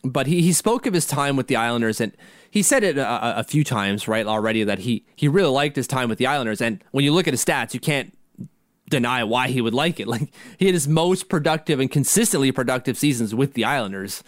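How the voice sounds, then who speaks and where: A man's voice: medium pitch, expressive, fairly quick, no room sound, clean studio sound. A man co-hosting a sports podcast in casual chat, rambling with many restarts. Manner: rambling, frequent restarts and laughs. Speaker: podcast co-host.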